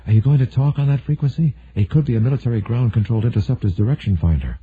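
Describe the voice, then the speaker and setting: A man voicing a confident female military pilot who talks in a brisk, matter-of-fact way, with a husky voice. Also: medium pitch. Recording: narrow phone-like sound.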